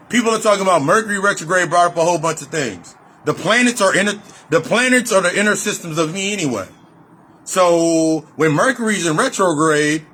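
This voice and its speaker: A man who is a spiritual reader and life coach delivers a freewheeling, profane spiritual monologue in loose run-on sentences, repeating phrases for emphasis. His voice is high and bright with a forceful tone, over slight background noise.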